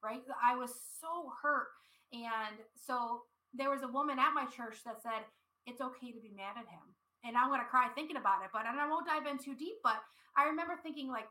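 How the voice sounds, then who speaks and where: A woman who hosts a business podcast, talking casually over a video call in an animated, story-telling way with frequent laughs. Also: high voice, moderate pace, poor audio. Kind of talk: casual conversational chat.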